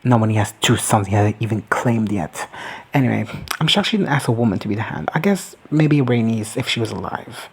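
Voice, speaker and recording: Brief: husky-voiced recapper, loose and jokey, swearing freely, middle-pitched. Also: animated, a little fast, poor audio. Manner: rambling, profane and joking. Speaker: TV show recap commentator. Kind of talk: casual comedic recap.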